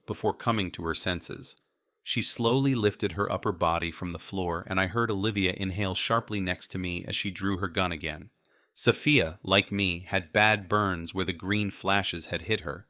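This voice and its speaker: A male narrator reads an audiobook in the first person. He tells the story at a measured, even pace. His voice is deep with a bright, forceful edge, and the sound is close and dry. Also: no room sound.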